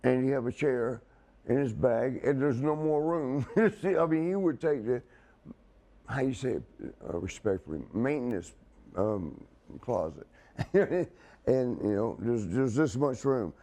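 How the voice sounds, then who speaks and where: A man's voice: medium pitch, gravelly, warm tone. A man telling a rambling story as a guest in a casual chat, laughing as he goes. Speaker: wrestling guest.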